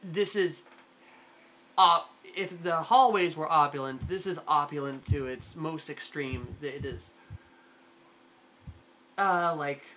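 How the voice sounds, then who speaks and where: Bright-voiced rambling game master. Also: medium pitch, takes it slowly, pauses often, a little hiss or hum. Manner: rambling, lots of likes and restarts. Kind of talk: narrating a tabletop game.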